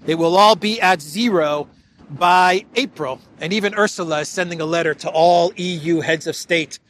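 A man's voice: high voice, a bit bright, slight background noise. A man giving solo political commentary in a sarcastic, mocking tone, often chuckling between points.

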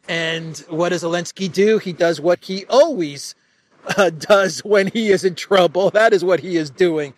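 Sarcastic high-voiced male commentator. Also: measured pace. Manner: sarcastic, mocking, laughs between points. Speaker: political commentator. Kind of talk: solo political commentary.

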